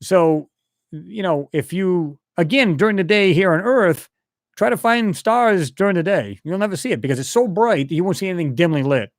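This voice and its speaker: Here the channel host, a man with a high voice and lively intonation, speaks at a normal pace as he reads out live chat messages and rambles through relaxed stream talk. There's no echo, just clean studio audio.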